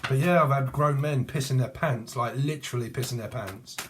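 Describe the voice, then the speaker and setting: A middle-aged British man talks through a tarot reading in an unscripted, meandering way. He swears freely and keeps breaking off into jokey tangents, with a voice of ordinary, mid-range pitch. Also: brisk, noisy background. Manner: rambling, crude, laughing asides. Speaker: tarot reader. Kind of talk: casual tarot reading monologue.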